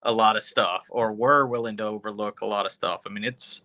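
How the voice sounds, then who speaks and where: A man's voice: on the low side, steady tone, brisk, sharp tone, no echo. A man co-hosting a comedy podcast, chatting loosely and profanely, leaning on "you know" as he talks. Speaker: podcast co-host. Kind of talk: casual podcast chat.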